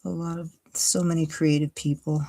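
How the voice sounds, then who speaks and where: A woman from Ohio talks in a low, mellow voice with flat delivery and a moderate pace. As host of a casual crafting livestream, she's chatty, thinking aloud while cutting and gluing a paper card.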